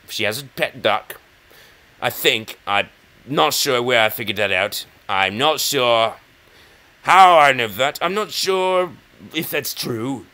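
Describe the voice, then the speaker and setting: An English man hosting a chess channel, commenting loosely on his game and rambling to himself. His voice is bright and gravelly with a lot of creak. He speaks slowly, with pitch that rises and falls a lot. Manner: rambling, self-mocking, talks to himself and the opponent.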